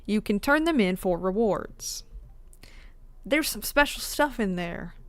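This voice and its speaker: A woman's voice: medium pitch, lively intonation, a little slow, no echo, natural voice. A woman voicing a cheery older male small-town mayor in a put-on Southern drawl, hearty and upbeat. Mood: folksy, upbeat.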